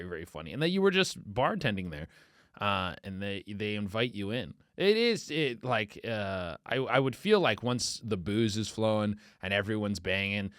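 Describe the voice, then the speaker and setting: A male comedy podcast host with a bright, lively voice that swings up and down as he riffs. He talks crudely and acts out little quoted voices as he goes. The sound is dry and close. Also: fairly low pitch, smooth, dry recording. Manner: crude, animated storytelling with acted-out quotes. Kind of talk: casual comedic podcast chat.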